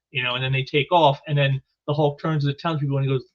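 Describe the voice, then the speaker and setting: Halting male comic book reviewer. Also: mid-range voice, flat delivery, highs cut off. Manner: halting, repeats words often. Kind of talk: casual comic book commentary.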